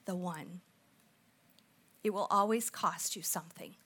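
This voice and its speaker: A middle-aged woman preaching a storytelling sermon, animated and acting out the people in her story, then dropping to soft, intense tones. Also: on the low side, measured pace, slightly rough. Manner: animated, acts out quoted voices, drops to soft intense tones.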